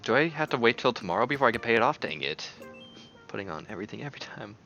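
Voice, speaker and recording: A man's voice: medium pitch, animated, racing, creaky, sharp tone. A man giving casual, chatty gameplay commentary, giggling and muttering little asides at the game, on a dull lo-fi recording. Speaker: gaming YouTuber.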